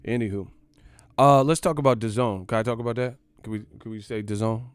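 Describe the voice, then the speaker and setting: A man's voice: on the low side, a little fast, clear, resonant tone, no echo. Dude ranting on his channel, cussing and joking, just rambling on, dry sound no room. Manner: profane, joking, rambling with laughs. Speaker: boxing channel host. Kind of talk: casual comedic rant.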